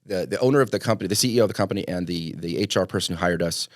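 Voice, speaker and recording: A man's voice: deep voice, rapid-fire, dry recording, clean studio sound. A man hosting a podcast interview, chatting in an easygoing way and often laughing along. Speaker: podcast host.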